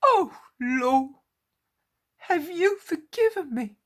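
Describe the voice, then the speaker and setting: A woman's voice: high-pitched, lively intonation, slow pace, pitched above the performer's own voice. A woman voicing a remorseful grown fisherman apostle who pleads anxiously and tearfully. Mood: pleading.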